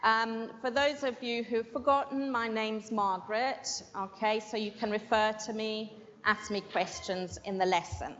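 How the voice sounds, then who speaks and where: A woman's voice: on the high side, fairly even intonation, measured pace, fairly bright tone. A woman teaching an English class in a classroom and leading a dictation, patiently repeating each word twice. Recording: dull lo-fi sound with long room reverb.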